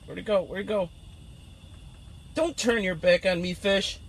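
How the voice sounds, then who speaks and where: High-voiced man joking with the fish. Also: measured pace. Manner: talks teasingly to the fish, animated. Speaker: ice fishing vlogger. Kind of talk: playful live fishing commentary. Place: outdoors on a frozen public pond.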